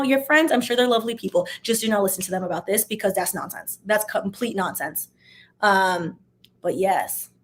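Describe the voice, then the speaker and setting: Chatty woman vlogger, higher voice. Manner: chatty and animated, calls viewers "child" and "y'all". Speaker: YouTuber answering viewer questions. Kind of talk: casual livestream chat.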